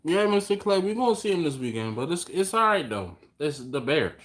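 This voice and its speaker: A man's voice: on the high side, very animated, a little fast, a bit bright. Laid-back man chatting on a live stream. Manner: laid-back, chuckles often, greets viewers by name. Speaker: host of a barbecue live stream. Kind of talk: casual live-stream chat reading viewer comments. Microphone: phone on a mount.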